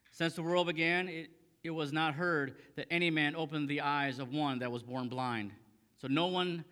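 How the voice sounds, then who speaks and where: A man's voice: a little high, sharp tone, big-room sound. A man preaching a sermon as a pastor, reading scripture aloud and then restating it in plain talk with frequent fillers and repeated phrases. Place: church sanctuary.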